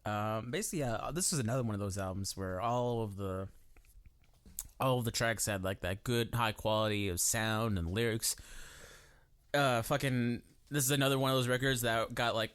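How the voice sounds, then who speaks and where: A laid-back man co-hosting a casual music podcast speaks at normal speed through a desk microphone, his mid-range voice smooth and fairly bright. He swears freely and keeps the conversation loose and full of fillers.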